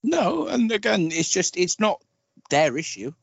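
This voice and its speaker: A man's voice: high-pitched, sing-song, unhurried, gravelly, husky, no echo, dull audio. A man co-hosting a casual film podcast, rambling and correcting himself as he works through strong opinions. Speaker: podcast co-host.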